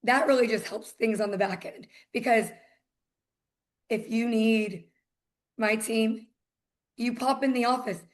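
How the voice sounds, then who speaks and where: A woman's voice: a little high, fairly even intonation, a little slow, long pauses. Chatty woman with a Southern accent. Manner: chatty storyteller, acts out quoted exchanges. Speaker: title company executive, podcast guest. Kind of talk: casual podcast chat.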